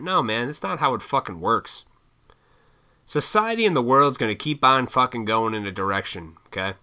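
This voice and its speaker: Profane, bright-voiced man ranting. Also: fairly low pitch. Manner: profane, blunt, mocking impressions of others. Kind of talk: casual motivational rant.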